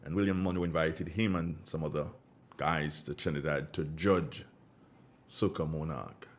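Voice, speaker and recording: Speaking at an ordinary pace in an extremely low voice, this Grenadian radio host welcomes his listeners from the studio. He's a lively storyteller, and his casual talk is full of Caribbean colloquialisms.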